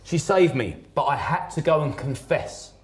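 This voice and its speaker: A man's voice: fairly high pitch, animated, moderate pace. A man telling his personal story as a podcast guest, blunt and emphatic, swearing heavily.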